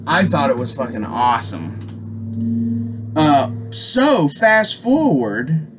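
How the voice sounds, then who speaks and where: A middle-aged man from Alaska telling a story casually, swearing constantly and jumping loudly when he acts out what people said. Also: a little high, drawn-out words, noisy background. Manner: animated, swears constantly, acts out quotes with loud jumps.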